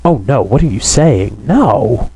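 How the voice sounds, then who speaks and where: A man's voice: mid-range voice, animated, slow, gravelly, dark tone, slightly rough, full character voice, low-quality recording. A man voicing a timid young woman in an audiobook, lifting his voice a little and speaking in a plaintive, pleading way. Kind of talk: audiobook character reading.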